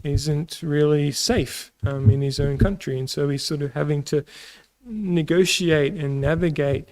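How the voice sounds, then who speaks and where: An Australian man teaching a casual Bible lesson, pausing often with ums and restarts. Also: on the high side, steady tone, a little mellow, low-quality recording. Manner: halting, many ums and restarts.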